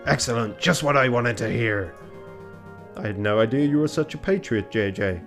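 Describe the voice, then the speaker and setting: A man's voice: medium pitch, moderate pace, fairly bright tone, faint music behind, natural voice. A man voicing a stern, pompous male bird police inspector in a strained, forced official tone. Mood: commanding.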